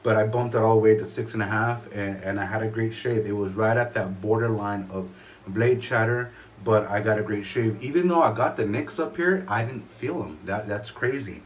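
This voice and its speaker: A man talking casually to camera about his shave in a room at home, rambling and halting with many fillers and restarts. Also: fairly low pitch, slight background noise. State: a little choked up. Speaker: shaving vlogger.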